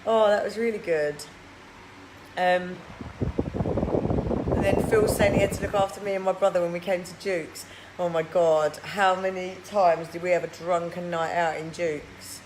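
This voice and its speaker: A woman's voice: on the low side, steady tone, a little slow. Brief: woman in her thirties, live stream host, blunt and mocking, casual swearing, noisy background. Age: 30s. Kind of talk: live video chat reading viewer comments.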